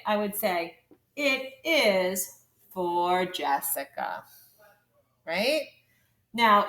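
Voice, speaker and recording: A young woman leads a phonics lesson for small children from her home. She talks slowly and patiently, drawing words out. Her pitch swoops up and down as she models how a sentence should sound. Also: fairly bright tone, poor audio. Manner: slow, sing-song teacher voice, exaggerating sentence rhythm. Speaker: teacher.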